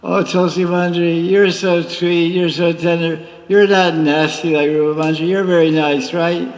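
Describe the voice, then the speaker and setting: A man voicing a young god who flatters and coaxes the maidservants, in an echoey hall. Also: a little high, normal speed, natural voice. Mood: coaxing. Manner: coaxing, sweet-talking.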